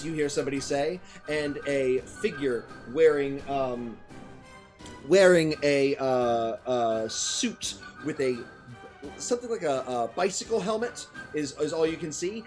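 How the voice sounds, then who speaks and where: A man's voice: on the high side, slow pace, faint music behind. A man narrating a tabletop game as game master, hesitant, with many ums and frequent laughs.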